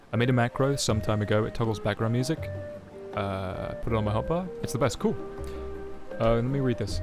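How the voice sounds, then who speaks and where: A male streamer chatting live in a loose, crude, joking way, full of swearing and exclamations. His voice sits at a middle pitch, with a clear music bed running underneath. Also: fairly quick. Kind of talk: casual stream chat. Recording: music playing behind.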